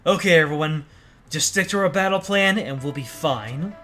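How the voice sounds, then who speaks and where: A man's voice: on the high side, normal speed, pushed and bright. A man voicing a noble, earnest young prince with a polite, sincere delivery. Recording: faint game music behind.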